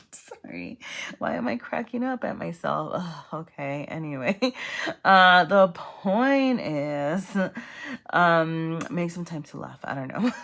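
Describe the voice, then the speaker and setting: Woman tarot reader, low voice, chatty and rambling, giggles at herself. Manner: rambling, laughs at herself, many fillers. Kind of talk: casual tarot reading.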